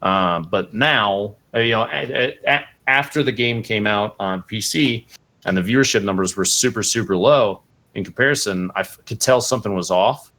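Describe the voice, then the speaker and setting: A young adult man with a fairly low voice tells a casual story as a podcast guest. He is animated and leaps up in pitch whenever he acts out what someone said. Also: moderate pace.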